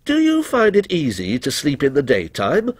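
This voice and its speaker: A man voicing a brooding, mysterious male stranger who asks slow, probing, needling questions. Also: on the high side, huge pitch swings, husky, no echo, exaggerated voice. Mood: insinuating.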